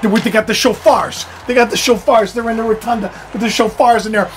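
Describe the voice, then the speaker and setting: A man hosting his own spiritual video channel. He talks in a loose, rambling monologue, full of fillers and restarts, and swings from low murmurs to loud outbursts. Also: fairly even intonation, fairly quick, heavy background noise.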